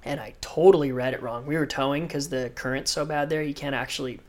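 A man's voice: medium pitch, fast. A man, a professional surfer, telling a story in a casual podcast interview and acting out what others said. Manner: animated, vivid storyteller who acts out others' lines.

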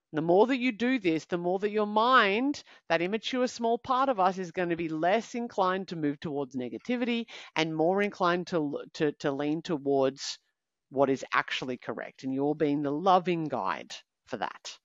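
A woman podcast host coaches her listeners emphatically, counting off steps and circling back to recap them. Her pitch swings widely as she talks. The audio is dry and a little dull, with no room sound. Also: no room sound. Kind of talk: motivational talk, numbered steps.

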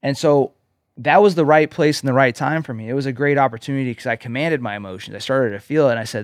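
Male podcast co-host, mid-pitched, earnest storyteller, dry close mic. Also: fast talker, no echo. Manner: earnest storytelling, emphatic "okay?" check-ins. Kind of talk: casual podcast conversation.

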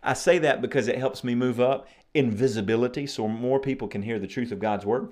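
A man hosting a faith podcast, preaching fervently and then chatting warmly and jokingly with listeners. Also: medium pitch, fairly quick.

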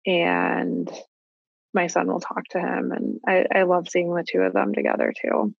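A woman in her thirties, a parent talking about her family in a casual conversation, thoughtful and halting, with frequent restarts. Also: on the low side, expressive, vocal fry, husky, dry recording, highs cut off. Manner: reflective, halting with restarts and likes. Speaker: guest parent.

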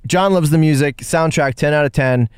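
Podcast co-host, man, smooth clear voice, dry close sound, lively and jokey. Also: a little high, no echo. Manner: animated, jokey, quick asides. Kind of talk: casual movie review chat.

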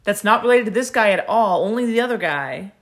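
A woman co-hosting a podcast, chatting in a quick, blunt, amused way. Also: medium pitch, expressive. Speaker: podcast co-host. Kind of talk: casual recap chat.

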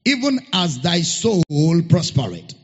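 Male pastor, high husky voice, slow emphatic scripture reading, reverberant hall. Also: wildly swooping pitch. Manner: spells out a Greek word letter by letter. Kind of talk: sermon. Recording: muffled sound with long hall reverb.

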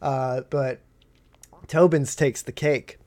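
A man's voice: medium pitch, steady tone, takes it slowly, darkish tone. Profane, laughing male podcast storyteller. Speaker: podcast host. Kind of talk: casual storytelling chat. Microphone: video call.

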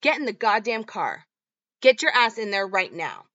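A woman's voice: mid-range voice, very animated, moderate pace, bright, forceful tone, no echo, highs cut off. A woman voicing a short-tempered alcoholic mother, snapping and swearing as she reads the lines out. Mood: angry, fed up. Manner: read-out quotes, snapping and swearing.

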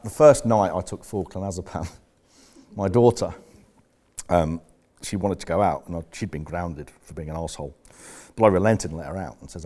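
A man's voice: low voice, dark tone, slightly rough. A man coaching business members in a candid, rambling talk, swearing bluntly as he tells stories.

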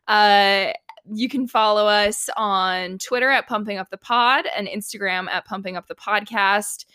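A woman's voice: mid-range voice, bright, forceful tone, smooth, no echo, studio quality. A young woman guesting on a podcast, chatting in an easygoing way and giggling. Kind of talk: casual chat.

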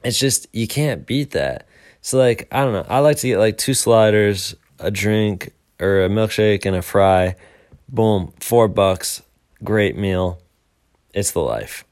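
A man's voice: on the low side, a little slow, a little mellow. A young man hosting a casual morning show, rambling upbeat with self-deprecating asides. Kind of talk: casual solo podcast talk.

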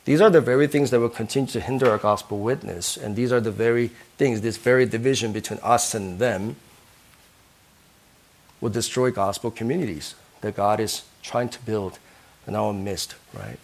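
A man's voice: on the low side, moderate pace, gravelly. A man preaching a sermon as a pastor, earnest, who keeps asking his listeners questions and ending points with "right?".

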